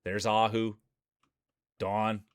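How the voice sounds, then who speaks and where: A man's voice: on the low side, little pitch movement, extremely slow, dry recording, clean studio sound. A man streaming live, commentating marble races in a chatty way and greeting viewers by name. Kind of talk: play-by-play commentary.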